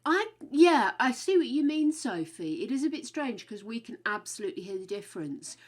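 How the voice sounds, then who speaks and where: A woman's voice: on the high side, big pitch swings, moderate pace. A woman chatting casually with her stream viewers, frank and chatty, swearing now and then. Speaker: game streamer.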